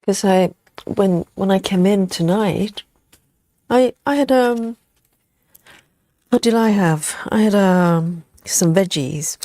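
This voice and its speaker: A woman hosting a relaxed live cross-stitch stream, chatting casually with viewers as she stitches. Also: medium pitch, takes it slowly, pauses often. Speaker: host of a cross-stitch livestream. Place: at home in the evening.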